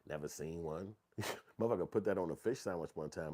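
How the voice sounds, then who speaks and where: A man's voice: quick pace, a little hiss or hum. A middle-aged man, telling stories in casual, profane commentary and reading viewer comments. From Chicago. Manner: profane, animated storytelling, acts out quotes in a high voice. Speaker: channel host.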